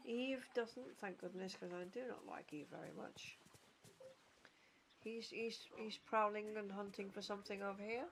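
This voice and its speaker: A woman's voice: medium pitch, unhurried, fairly bright tone, a little hiss or hum. A middle-aged woman streaming a game, rambling casually, swearing and reading game text aloud. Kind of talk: casual gameplay commentary.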